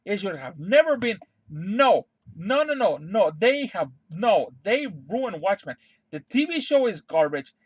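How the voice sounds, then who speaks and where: High-voiced young man ranting, dry sound. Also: sing-song, a little slow, husky, no room sound, lo-fi sound. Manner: heated, exasperated ranting with heavy swearing and repeated refusals. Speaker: live streamer. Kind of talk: unscripted rant to stream chat.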